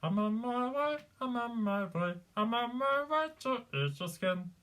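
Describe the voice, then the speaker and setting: A man putting on the high, squeaky voice of a cheerful furry puppet monster. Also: animated, measured pace, fairly bright tone, heavily acted. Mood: gleeful. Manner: gleeful, squeaky, playfully menacing.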